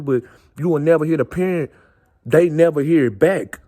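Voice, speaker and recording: A man's voice: on the high side, moderate pace, a little mellow. A man speaking in an earnest, impassioned monologue, circling back and repeating his phrases. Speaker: vlogger.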